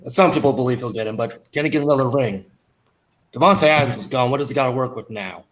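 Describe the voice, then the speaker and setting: A man's voice: medium pitch, fast talker, a bit bright, slight background noise. A man on a casual sports panel, wry and sarcastic, stretching out his words.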